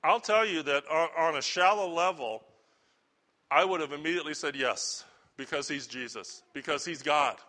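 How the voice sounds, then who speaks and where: A man's voice: a little high, normal speed, pushed and bright. A middle-aged man preaching a sermon as a pastor, earnest and conversational, asking the congregation rhetorical questions.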